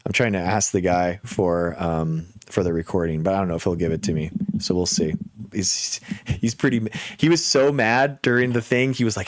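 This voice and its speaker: A man hosts a casual livestream with a low voice. He talks straight to his viewers, stumbling over restarts and slipping into mocking quotes. The sound is close and dry, with no room around it. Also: no room sound. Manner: animated, lots of filler and restarts, quick mocking asides. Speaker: livestream host.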